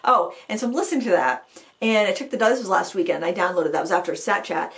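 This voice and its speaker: A woman's voice: mid-range voice, animated, quick pace. A woman hosting a casual live chat, telling rambling stories full of fillers and restarts. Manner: chatty storytelling with many fillers and restarts. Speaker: host of an art channel live chat.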